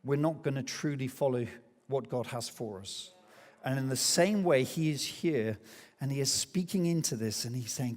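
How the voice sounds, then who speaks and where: A man preaching a sermon as pastor, telling a story with lively acted-out quotes. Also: medium pitch, normal speed. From England. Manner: animated storytelling, acts out quoted voices. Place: church hall. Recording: long hall reverb.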